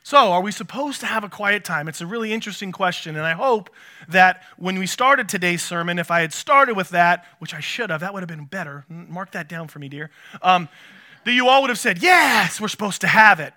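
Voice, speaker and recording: A male pastor giving a relaxed, chatty sermon in church, often putting questions to the congregation. His voice sits high for a man and has a very bright, sharp edge. He speaks in a casual, self-deprecating way. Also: fairly quick.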